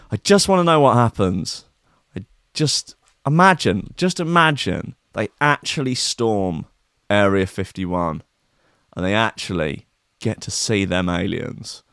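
Exasperated male commentator, mocking and sarcastic, low-pitched, dry booth sound. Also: expressive, a little slow, a bit bright, clear, resonant tone, no room sound. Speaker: commentator reading news. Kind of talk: ranting news commentary.

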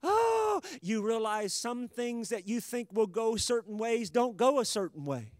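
A man preaching a sermon, emphatic and building to loud exhortation. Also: sits high, normal speed, no room sound.

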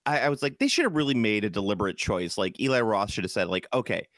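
A man's voice: lowish voice, lively intonation, fast talker, fairly bright tone, no room sound, clean studio sound. A man from Chicago co-hosting a casual podcast chat, rambling with lots of restarts and fillers. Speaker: podcast co-host.

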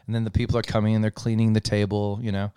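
A middle-aged man, chatting casually and telling an animated story, swearing freely and laughing as he goes. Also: fairly low pitch, rapid-fire, clear, resonant tone, no echo, studio quality. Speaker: podcast co-host telling a story. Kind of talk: casual chat.

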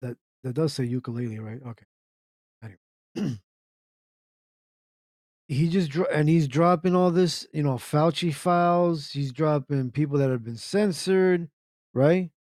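Speaking a little slowly and pausing often, this internet radio host has a fairly high, slightly mellow voice in a dry, studio-quality recording. He reacts to chat with a casual live rant, circling back on himself and asking rhetorical questions.

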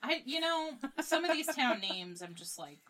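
A woman's voice: fairly high pitch, very animated, moderate pace, a crowd in the background, low-quality recording. A woman co-hosting a casual podcast, telling a story in a chatty, wry way. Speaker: podcast co-host. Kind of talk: casual comedic chat.

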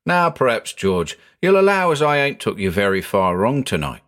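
A man voicing a rough-spoken older male tram driver with blunt working-class speech, in a storybook reading. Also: medium pitch, very animated, moderate pace, a bit bright. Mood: smug.

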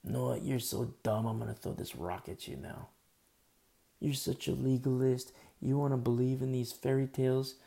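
A jeering worldly man who mocks and sneers at a believer, put on by a preacher in the middle of a sermon. His voice is heavily gravelly with a dark, mellow tone. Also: medium pitch, fairly even intonation, moderate pace, lightly acted. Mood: mocking. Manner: taunting, mocking, then pleading.

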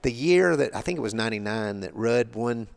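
A man's voice: mid-range voice, lively intonation, a little fast, creaky. An older man, a guest on an interview show, telling rambling, colloquial stories in a casual way. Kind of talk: casual storytelling.

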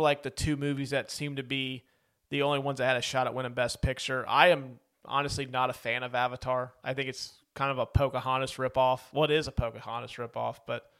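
A man co-hosting a movie podcast in easy, casual conversation. His voice is smooth and resonant at a middle pitch, and he rambles happily into side topics. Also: fairly bright tone. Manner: talkative, goes off on tangents. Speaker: podcast co-host. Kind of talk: casual movie-review chat.

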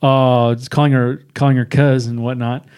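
A man in casual podcast chat, rambling as he recaps a film and slipping into characters' lines. His voice sits in an ordinary middle pitch. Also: flat delivery, normal speed, a little mellow, clear, resonant tone.

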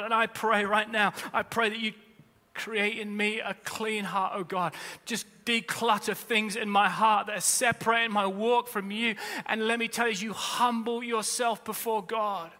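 A man's voice: high voice, level tone, moderate pace, pushed and bright. A man, a pastor, preaching a sermon in earnest, repeating key phrases for weight. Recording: long reverb of a large hall.

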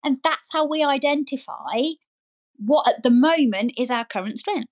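A woman's voice: high-pitched, expressive, normal speed. A woman, a nursery founder, chatting energetically as a podcast guest and repeating words for emphasis. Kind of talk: casual interview chat.

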